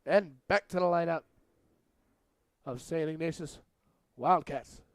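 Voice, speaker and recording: A young man giving casual, jokey play-by-play commentary on a school rugby match, now and then shouting at big plays. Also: on the high side, unhurried, no echo.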